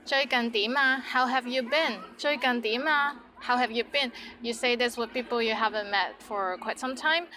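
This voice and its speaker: A woman's voice: a little high, moderate pace, few pauses, sharp tone. A woman giving a bilingual language lesson, upbeat and demonstrative, modeling phrases with playful intonation. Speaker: language teacher.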